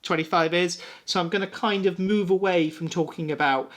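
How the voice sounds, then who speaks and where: An English man co-hosts a music podcast, chatting loosely with plenty of swearing and rambling, a little tipsy after a few drinks. His voice is high-pitched and fairly bright, with fairly even intonation and a fairly quick pace.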